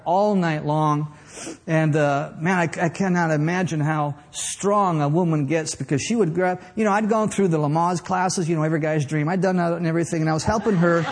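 A middle-aged male pastor with a high, husky voice delivers a sermon. He tells stories with humor and builds into fervent, rising preaching.

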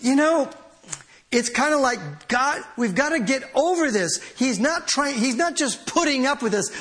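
High-voiced animated male preacher. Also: a little slow. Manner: animated preaching, laughing, reading scripture aloud. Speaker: pastor. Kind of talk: sermon.

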